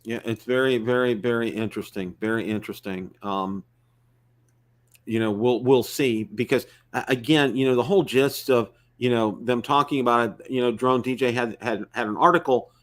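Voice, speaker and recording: A man's voice: mid-range voice, steady tone, moderate pace. Guy hosting a live drone talk stream, rambly, lots of you knows. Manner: rambling, many fillers and restarts. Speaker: host.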